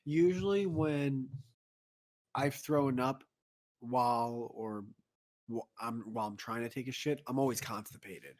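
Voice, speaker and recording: A man in his thirties, a podcast co-host telling stories in casual chat on a remote call, animated and laughing often. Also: mid-range voice, measured pace. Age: 30s. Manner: animated, acts out quoted voices, frequent laughter. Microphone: home mic on a remote call.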